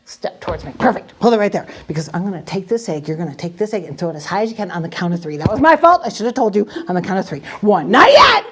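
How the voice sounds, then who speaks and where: A woman magician performing a playful magic show for children, swinging between mock-outraged shouts and hushed whispers. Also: mid-range voice, very animated, quick pace, hardly any pauses, noisy background.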